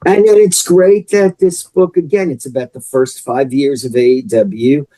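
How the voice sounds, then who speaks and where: A man's voice: medium pitch, normal speed, warm tone, dry recording, low-quality recording. A man, an author and wrestling historian, talking as a guest on a podcast in a chatty, explanatory way. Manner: chatty, explanatory, with frequent "you know". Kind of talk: podcast interview.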